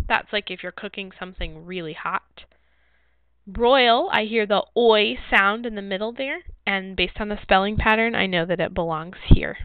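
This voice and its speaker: A woman's voice: mid-range voice, no echo. Woman teacher with a thin, phone-like sound. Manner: slow, clear, explanatory. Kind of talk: phonics word sort lesson. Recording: dry, phone-like narrow sound.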